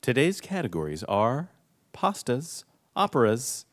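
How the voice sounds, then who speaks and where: A man's voice: medium pitch, unhurried. A man running a quiz game, explaining the rules and reading clues with dry jokes. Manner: dry, jokey, animated delivery. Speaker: quiz master.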